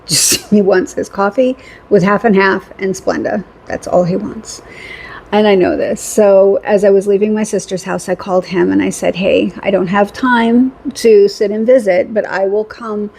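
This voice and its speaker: A woman's voice: mid-range voice, fairly even intonation, normal speed, creaky, a little mellow, slightly rough. A middle-aged woman telling a rambling story in a casual vlog, chatty, laughing often and repeating phrases for emphasis. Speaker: vlogger.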